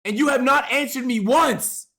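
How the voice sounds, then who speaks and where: A man's voice: very high voice, moderate pace, creaky, heavily acted. A male streamer reading aloud, voicing a clingy, obsessed male superfan with pleading, overwrought delivery. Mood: outraged. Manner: pleading, overwrought, then shouting in anger.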